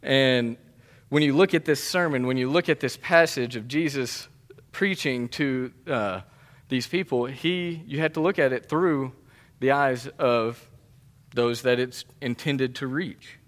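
A man's voice: mid-range voice, a little slow. A man delivering a sermon as a pastor, speaking in an earnest, conversational way with emphatic repetition.

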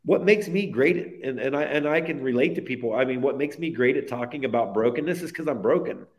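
A man's voice: medium pitch, animated, brisk. Man, interview guest, earnest, heartfelt, personal storytelling, run-on phrasing.

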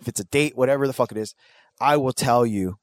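A man's voice: medium pitch, fast, no echo. Foul-mouthed rambling man. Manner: profane, rambling storytelling. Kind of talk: casual podcast chat.

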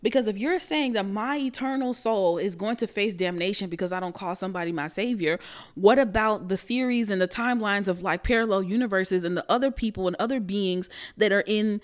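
Blunt, animated young woman telling a story. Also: mid-range voice, brisk. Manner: animated, blunt, cussing, laughs while telling. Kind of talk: casual storytelling monologue.

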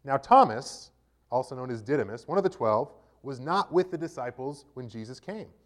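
A man's voice: mid-range voice, normal speed. Man preaching and reading scripture. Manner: reads scripture aloud with lively rises and drops in loudness. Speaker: pastor.

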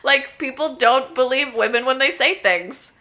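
A woman's voice: high voice, moderate pace, pushed and bright. A woman hosting a podcast in casual chat, talking in loose runs full of filler words. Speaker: podcast host.

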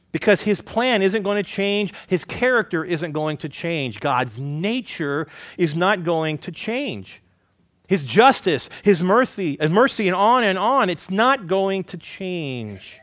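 A man preaching a conversational sermon, asking the listeners rhetorical questions and swinging between emphatic rises and quiet, low asides. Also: no room sound, studio quality. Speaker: pastor.

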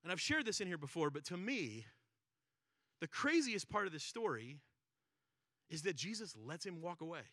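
A pastor preaching a sermon in a conversational way, asking rhetorical questions and acting out quoted prayers. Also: male voice, fairly high pitch, big pitch swings, normal speed, long pauses, sharp tone, dry recording, clean studio sound. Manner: conversational, repeats words and acts out quoted prayers; rhetorical questions with frequent "right?" and "like".

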